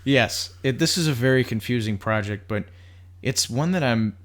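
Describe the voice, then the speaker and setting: A man's voice: medium pitch, moderate pace, a bit bright. A man co-hosting a movie podcast, chatting casually, going through film news details and saying "like" a lot. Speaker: podcast co-host.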